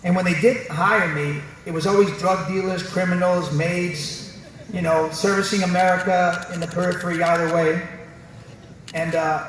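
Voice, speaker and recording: A man giving a comedic commencement speech, an animated storyteller who slips into funny voices. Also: sits high, moderate pace. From New York City. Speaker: commencement speaker. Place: large ceremony venue. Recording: very echoey venue, distant mic, audience noise.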